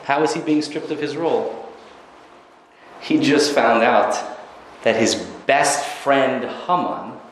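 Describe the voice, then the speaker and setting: A man teaching a religious text through dramatic, animated storytelling. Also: mid-range voice, slow, pauses often, slight background noise. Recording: very echoey room, faint ambience.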